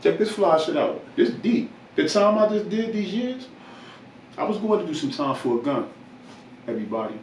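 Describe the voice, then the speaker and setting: A man's voice: high voice, sing-song, moderate pace, darkish tone. A man from New Jersey holds forth in a loose podcast talk, emphatic and lecturing, repeating phrases for weight. The mic sits some way off in an echoey room with a faint hiss. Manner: emphatic, lecturing, repeats to drive points home. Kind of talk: casual talk, preaching advice. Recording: roomy distant mic.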